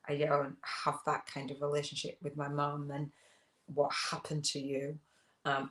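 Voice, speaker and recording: A woman's voice: low-pitched, reverberant. A woman hosting a casual livestream, rambling and reflective as she reads viewer comments, with many fillers and restarts. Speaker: host of a spiritual business channel.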